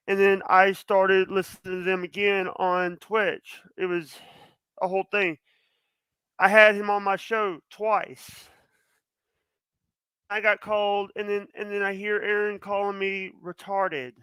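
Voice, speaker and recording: A man's voice: sits high, little pitch movement, measured pace, sharp tone, clear, resonant tone, no room sound, rough recording. A man talking as a podcast guest, nervous and stuttering, with many restarts. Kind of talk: casual chat.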